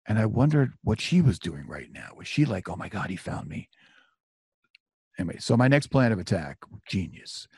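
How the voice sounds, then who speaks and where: A man's voice: lowish voice, a little mellow, husky, dry recording, studio quality. A middle-aged man telling a personal story in a conversational, self-deprecating way, full of asides. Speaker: author and storyteller.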